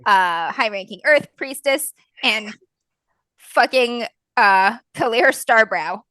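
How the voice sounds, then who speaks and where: A woman's voice: a little high, animated, slow pace, bright, forceful tone, dry recording. A woman player recapping the last tabletop session in a casual way, laughing often and swearing lightly. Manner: laughs through her sentences, swears casually.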